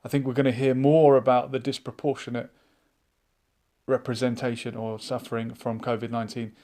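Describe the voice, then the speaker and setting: A man's voice: medium pitch, flat delivery, fairly quick, dark tone. Musing man hosting a live chat. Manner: musing, reads viewer comments aloud. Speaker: livestream chat host. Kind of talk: casual live-chat commentary.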